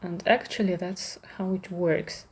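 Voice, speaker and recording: Soft-voiced woman with a Russian accent. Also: fairly low pitch, little pitch movement, a little slow, breathy edge. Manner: soft-spoken, drifting into whispers, emotional, many restarts. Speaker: ASMR creator. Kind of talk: soft-spoken ASMR chat.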